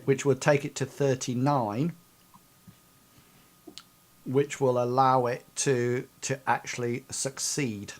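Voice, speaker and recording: A man running a tabletop role-playing game as game master, explaining the rules hesitantly, with many pauses and restarts. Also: medium pitch.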